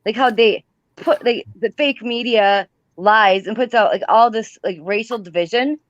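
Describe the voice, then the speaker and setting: A woman's voice: on the high side, normal speed, dry recording, muffled recording. A woman hosting a casual livestream chat, rambling with many fillers and restarts. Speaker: livestream host.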